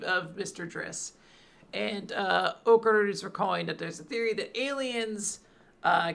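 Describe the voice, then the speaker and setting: A man co-hosting a casual podcast, excitable, laughing often and swearing casually as he talks over comic chapters. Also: high-pitched, gravelly. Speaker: podcast co-host. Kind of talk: casual chat recapping manga.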